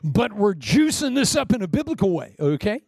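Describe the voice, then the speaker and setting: A man's voice: sits high, very animated, fairly quick, darkish tone, dry recording. An older man preaching as a pastor, telling humorous stories with a jokey, self-mocking manner and acting out quotes. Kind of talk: humorous storytelling sermon.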